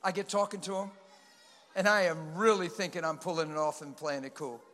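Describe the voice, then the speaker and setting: A man delivers an animated, passionate sermon, his voice high and ringing. His talk swings between quiet asides and sudden loud bursts. A long reverb from a large hall trails after his words. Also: a little fast. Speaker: preacher.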